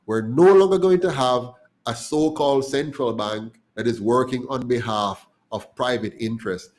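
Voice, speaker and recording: Heated Jamaican man making a political pitch. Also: moderate pace, darkish tone, low-quality recording. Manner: passionate, grows heated and emphatic. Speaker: party spokesman. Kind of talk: political talk show discussion.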